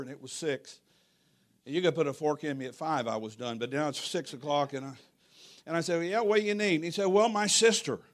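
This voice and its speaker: High-voiced folksy pastor preaching. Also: male voice. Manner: folksy, humorous, animated storytelling. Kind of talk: sermon with storytelling.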